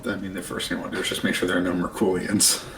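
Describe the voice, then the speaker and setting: A man's voice: low voice, completely flat delivery, very fast, a bit bright, far from the mic, soft background music, rough recording. A man playing a tabletop game as a player, jokey and playful. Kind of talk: tabletop role-play.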